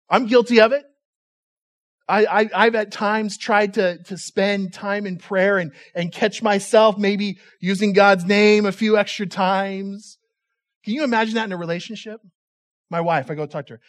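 High-voiced man preaching casually. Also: steady tone, normal speed. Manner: casual, humorous, repeats words as he restarts. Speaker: pastor. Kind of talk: conversational sermon.

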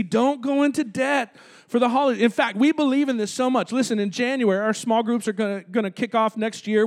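Man, pastor, very high voice, casual preaching to a congregation, church sanctuary. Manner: conversational preaching with audience call-outs. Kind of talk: sermon.

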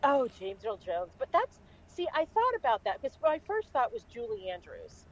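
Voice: high-pitched, huge pitch swings, normal speed, lo-fi sound. A co-host of a podcast, chatting casually and easily amused. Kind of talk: casual chat.

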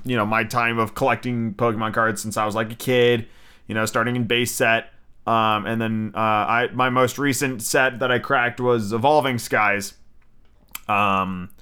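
Male podcast host, young adult, smooth clear voice, loose chatty delivery with frequent restarts. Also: mid-range voice, sharp tone. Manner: chatty, swears freely, restarts a lot. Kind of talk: casual solo podcast chat.

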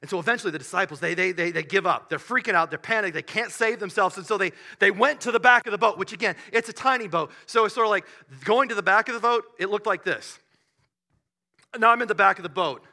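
A man preaching a sermon, telling the story with animated bursts and hushed asides. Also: high-pitched, fast talker. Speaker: pastor.

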